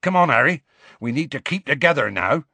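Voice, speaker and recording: A man voicing a gruff, rough-spoken giant gamekeeper who talks in clipped, grumbling country phrases. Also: fairly high pitch, animated, brisk, bright, forceful tone, no room sound, pitched above the performer's own voice, exaggerated voice.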